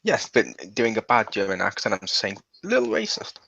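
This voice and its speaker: A man's voice: fairly low pitch, wildly swooping pitch, a little fast, vocal fry, fairly bright tone, husky, dry recording. A man co-hosting a casual film review, bluntly arguing his point. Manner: blunt, argumentative. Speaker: co-host. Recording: dull dry lo-fi mic.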